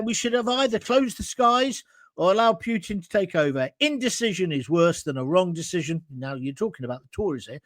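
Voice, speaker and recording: A middle-aged British man with a voice high for a man hosts a live opinion show, working through viewer comments in a blunt, combative manner. The audio is dry, without room echo.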